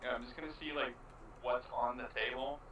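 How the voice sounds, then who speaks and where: A man's voice: medium pitch, steady tone, a little fast, pushed and bright, slight background noise. A man playing a tabletop game, casually joking about his character's actions. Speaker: player. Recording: echoey room, distant mic.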